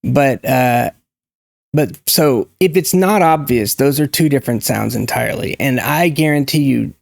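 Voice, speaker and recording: Man, gravelly voice, emphatic and opinionated, casual talk to camera, dry close sound. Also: medium pitch, unhurried, no room sound. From United States. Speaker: YouTube language commentator.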